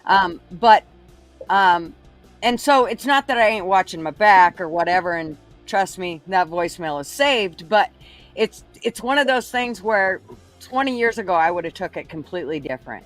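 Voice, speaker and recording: High-voiced man talking earnestly. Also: expressive, moderate pace, fairly bright tone, soft background music. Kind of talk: casual live chat.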